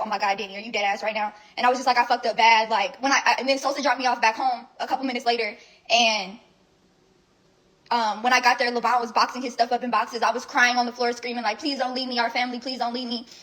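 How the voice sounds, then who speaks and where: High-voiced young woman telling a blunt story. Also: steady tone, fast, a bit bright, poor audio. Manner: blunt, rambling, lots of swearing and fillers. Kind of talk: casual storytelling recap.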